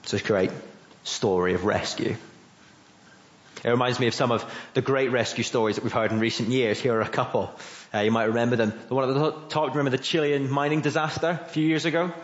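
A man's voice: medium pitch, fairly even intonation, a little fast. British man preaching in a roomy church. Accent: British English. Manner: earnest, conversational, asks the listeners questions. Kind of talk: sermon. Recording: roomy, dull church audio.

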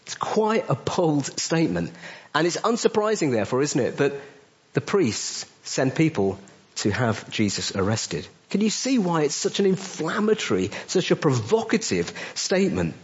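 A male pastor preaching a sermon with emphatic delivery, his voice rising on questions and dropping low on key phrases. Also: very animated, normal speed, highs cut off. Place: church.

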